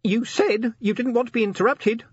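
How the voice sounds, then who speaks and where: A man voicing a tiny nervous male imp, squeaky and quavering, meek and defensive. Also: steady tone, normal speed, husky, dry recording, highs cut off.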